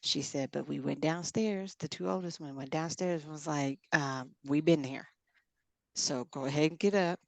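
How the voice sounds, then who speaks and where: A woman's voice: low-pitched, moderate pace, gravelly, no echo. A middle-aged woman in casual chat, telling stories and quoting others in dialogue as a podcast co-host.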